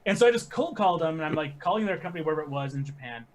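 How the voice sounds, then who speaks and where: A man, a podcast guest telling animated stories with quick asides. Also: on the high side, a crowd in the background. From American Midwest. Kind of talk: casual podcast chat.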